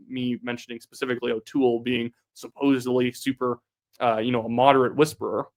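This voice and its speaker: A man's voice: mid-range voice, level tone. A young man giving solo political commentary in a combative, sarcastic manner. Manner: sarcastic, combative, rapid reactions.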